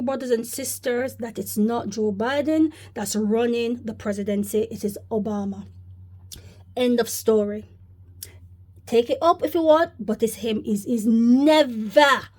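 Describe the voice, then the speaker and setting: A woman's voice: a little high, dark tone. Rambling woman vlogger preaching. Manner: rambling, repeatedly addresses viewers as brothers and sisters. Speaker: religious vlogger. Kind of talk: casual spoken religious commentary.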